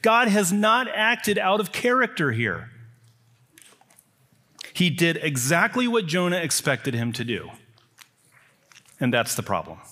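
A male preacher delivers a sermon in a voice pitched a little above most men. He talks emphatically and stacks repeated phrases to drive each point home. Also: huge pitch swings, measured pace, pauses often, sharp tone.

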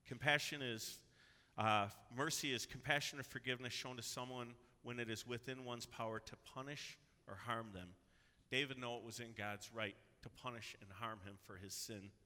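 Male pastor, very bright and cutting tone, earnest urgent delivery, long church reverb. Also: medium pitch, steady tone, moderate pace. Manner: earnest and emphatic, rising to urgent exhortation. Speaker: preacher. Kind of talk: sermon with scripture reading. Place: church sanctuary.

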